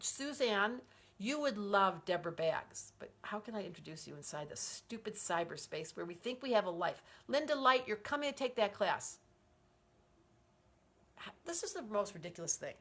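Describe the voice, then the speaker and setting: A woman's voice: medium pitch, lively intonation, normal speed, fairly bright tone, husky. A woman astrologer hosting a live stream from a phone held at arm's length, chatting effusively and reading out viewer comments by name. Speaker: astrologer host.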